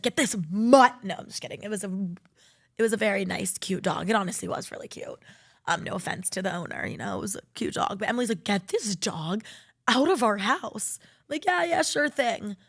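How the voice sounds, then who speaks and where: A young woman hosting her own podcast, talking casually and at length about her week. She rambles, swears freely and tells stories with animated energy. Her voice sits in an ordinary middle pitch. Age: young adult. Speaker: podcast host. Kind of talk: casual chat.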